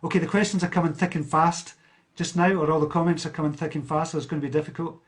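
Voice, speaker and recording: Quick-paced and steady in tone, with a fairly high pitch, a Scottish man from close to a large city goes through comments on his live stream. He's a self-help speaker who answers viewers in a chatty style, with fillers and restarts.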